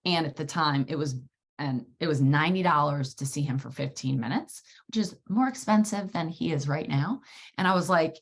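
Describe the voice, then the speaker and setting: A woman hosting a solo podcast, telling a personal story in a lively, wordy way and swearing freely. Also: sits low, normal speed, breathy edge. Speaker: podcast host.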